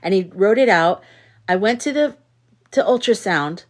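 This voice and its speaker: A woman's voice: mid-range voice, animated, normal speed. A woman hosting a casual livestream, telling candid stories with an exasperated edge and reading viewers' comments aloud. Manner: candid storyteller who reads chat comments aloud; outspoken and exasperated in anecdotes. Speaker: livestream host. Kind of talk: casual live chat with viewers.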